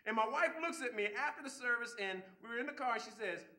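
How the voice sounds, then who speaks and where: A man giving a relationship seminar talk, animated, acting out quoted people and often repeating words as he starts sentences. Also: sits high, rapid-fire, few pauses, echoey room. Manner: acts out quoted people with voice shifts. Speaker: seminar speaker.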